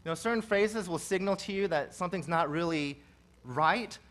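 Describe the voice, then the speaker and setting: The male pastor, high-pitched and at a moderate pace, gives an expository sermon during a church service. He grows loud on repeated lines and then returns to a gentle, conversational way of teaching.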